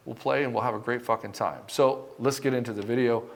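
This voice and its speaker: Fast-talking blunt male dating coach. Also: medium pitch, steady tone, creaky. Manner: blunt, profane, emphatic. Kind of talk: direct-to-camera advice monologue.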